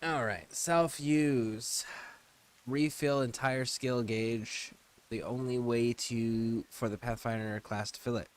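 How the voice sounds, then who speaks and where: A man's voice: medium pitch, steady tone, slow. A man streaming a video game, reading menus aloud and chatting loosely with casual profanity. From United States. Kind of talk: casual gameplay commentary.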